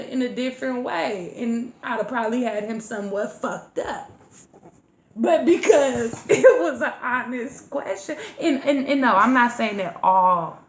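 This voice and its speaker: A woman co-hosting a podcast, talking in a blunt, profane, animated way as she tells stories in casual chat. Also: fairly high pitch. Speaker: podcast co-host. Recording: echoey room.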